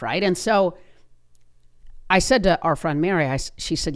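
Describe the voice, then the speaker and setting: A woman's voice: fairly low pitch, expressive, moderate pace, long pauses. Earnest woman in her fifties telling a story. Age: 50s. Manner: earnest, conversational, frequent restarts. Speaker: podcast host. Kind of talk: personal storytelling monologue.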